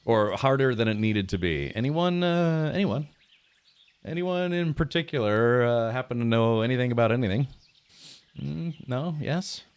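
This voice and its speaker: A man's voice: medium pitch, expressive, moderate pace, clear, resonant tone, dry recording. A man streaming a game, chatting casually, laughing often and talking to his viewers in rambling asides. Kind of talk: casual live gameplay commentary.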